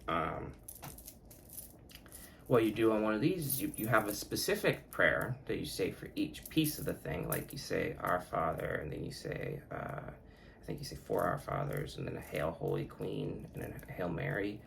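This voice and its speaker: A man with a low, gravelly voice hosts his own podcast and drifts from thought to thought. He swears freely and often catches and fixes his own words. A faint room hum sits behind him. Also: very animated, moderate pace, a bit bright. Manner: rambling, profane, self-correcting. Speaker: podcast host. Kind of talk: casual solo podcast talk.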